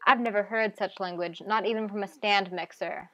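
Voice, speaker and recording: A woman's voice: medium pitch, fairly even intonation, moderate pace, few pauses, bright, forceful tone, dull audio. A woman streamer reading a video game aloud on a live stream, with wry, playful asides.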